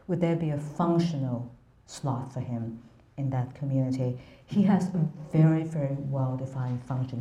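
A woman's voice: very deep voice, mellow. A woman giving an academic lecture in a hesitant way, full of ums and restarts. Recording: roomy echo.

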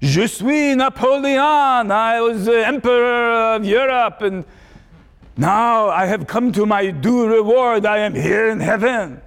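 A man's voice: very high-pitched, slow, gravelly, a bit bright, clean tone, heavily acted. A male lecturer briefly voicing a proud dead emperor who announces his arrival in heaven. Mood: grandly proud. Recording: long lecture-hall reverb.

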